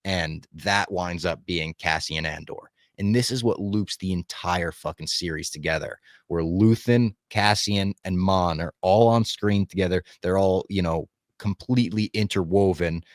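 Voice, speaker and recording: A man's voice: low-pitched, moderate pace, few pauses, no room sound, clean studio sound. A man in casual podcast chat, talking with enthusiasm, swearing freely and acting out lines he quotes. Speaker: podcast co-host.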